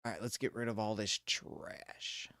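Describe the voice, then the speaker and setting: A man's voice: fairly low pitch, bright, forceful tone, no room sound. Ranting gamer man, dry close sound. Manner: ranting, swearing, quick laughs. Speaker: livestreamer. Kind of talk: casual gaming livestream chat.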